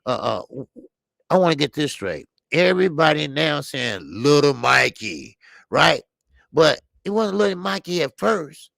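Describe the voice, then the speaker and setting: A man's voice: on the high side, sing-song, unhurried, creaky, a bit bright, dry recording. A man hosting a boxing call-in show, talking casually and animatedly, rambling with many restarts.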